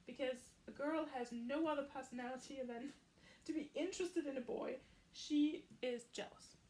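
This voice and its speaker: A woman's voice: high voice, moderate pace, darkish tone, slight background noise. A woman recapping a film in a chatty, casual way, dropping sarcastic asides.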